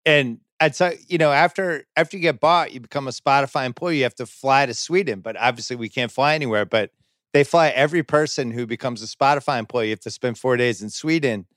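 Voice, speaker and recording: A middle-aged man hosting a podcast, chatting casually and asking quick follow-up questions. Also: medium pitch, fairly bright tone, no echo, clean studio sound. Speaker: podcast host. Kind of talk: casual chat.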